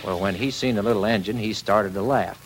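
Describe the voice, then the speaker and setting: A fairly low, slightly fast male voice spins a children's tale on vintage radio, drawling in a folksy country way with lively rises and falls. The transcription crackles with age.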